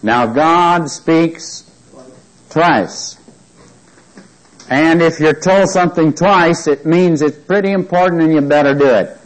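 On a low-quality recording, a man with a slightly high voice teaches a Bible study at normal speed with few pauses. He reads scripture aloud with emphasis, often asking questions to see whether listeners are keeping up.

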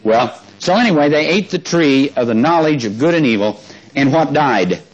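A man's voice: on the high side, animated, normal speed, highs cut off. Folksy preacher man teaching a congregation. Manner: folksy, asks the congregation questions. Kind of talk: sermon with congregation call-and-response.

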